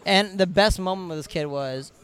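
Lively American guy telling stories. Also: sits high, normal speed, clear, resonant tone. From United States. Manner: animated, profane, laughs through his stories. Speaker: podcast guest. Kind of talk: casual storytelling chat.

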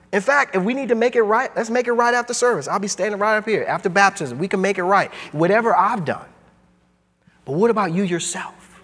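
A man preaching a sermon as pastor, emphatic and driving, his voice swinging high and low. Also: lively intonation, brisk, fairly bright tone, big-room sound. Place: church sanctuary.

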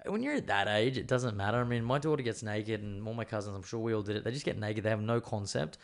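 A man with a lowish voice hosts his own show and rambles through candid opinions, filling the gaps with ums and asides. His voice sounds a little strained and dry. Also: fast, vocal fry. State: voice strained, worried about losing it. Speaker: podcast host. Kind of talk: casual solo show chat.

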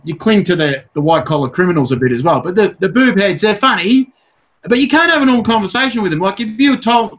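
An Australian man chatting as a guest, blunt and rambling, cursing freely in a somewhat high voice. The recording has a dull, lo-fi sound. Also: a bit bright. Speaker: guest comedian. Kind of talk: casual interview chat.

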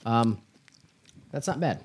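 A man's voice: mid-range voice, expressive, takes it slowly, slight background noise. A man co-hosting a casual tasting podcast, wry and jokey, trailing off into mumbles. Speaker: podcast co-host. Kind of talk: casual chat.

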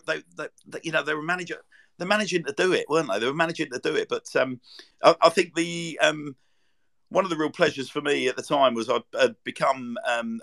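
A man chatting as co-host of a football podcast, mid-pitched with a gravelly edge. He rambles through long stories with frequent fillers and false starts. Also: fairly bright tone. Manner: rambling, full of fillers and restarts. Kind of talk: casual chat.

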